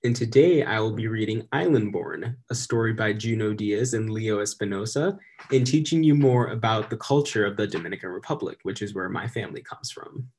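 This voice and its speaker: A young man student reading a children's picture book aloud in a gentle, friendly way. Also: on the low side, lively intonation, brisk, a little hiss or hum. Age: young adult. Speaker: guest reader. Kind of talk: storybook read-aloud.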